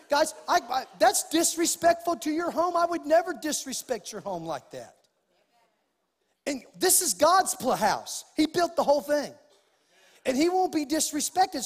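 A middle-aged man preaching a sermon as pastor, acting out lively bits of dialogue as he goes. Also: extremely high pitch, big-room sound. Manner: preaching with acted-out dialogue and rising emphasis.

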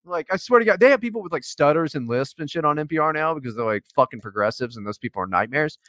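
Brief: male podcast co-host, mocking and profane, animated pitch, dry close sound. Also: fast, dry recording. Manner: profane, teasing, rambling. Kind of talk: casual podcast banter.

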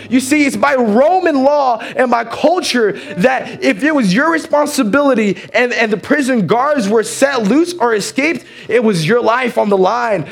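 Animated man preaching a sermon. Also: extremely high pitch, gravelly. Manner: animated, acts out the characters. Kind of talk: sermon storytelling. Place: church.

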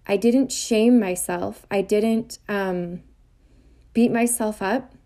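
A woman's voice: mid-range voice, steady tone, slow, darkish tone. A woman hosting a spiritual podcast, talking in a rambling, earnest, self-correcting way. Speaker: podcast host. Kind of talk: casual spiritual talk.

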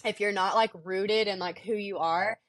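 Young woman, casual podcast chat, sweet and soft, even pitch, dry close sound. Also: normal speed, no echo. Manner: soft-spoken, sweet, many fillers. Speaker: podcast co-host.

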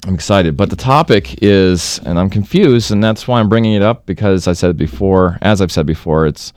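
A man's voice: low voice, normal speed, darkish tone, no echo, studio quality. A man hosting a call-in talk radio show, rambling with many restarts and fillers.

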